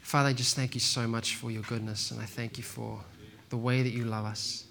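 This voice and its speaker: A man preaching a sermon in a relaxed, slangy way, telling stories and calling listeners "man" and "bro". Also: medium pitch, a little fast, gravelly, very noisy. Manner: laid-back, slangy, says "man" and "bro". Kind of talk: casual sermon with storytelling.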